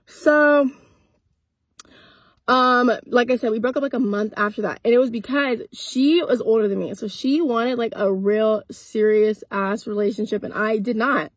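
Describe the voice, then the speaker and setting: A woman's voice: fairly high pitch, normal speed, no echo. A young woman telling a personal story in a casual vlog from a parked car, blunt and profane, acting out the quoted lines. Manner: blunt, profane, animated retelling with quoted dialogue.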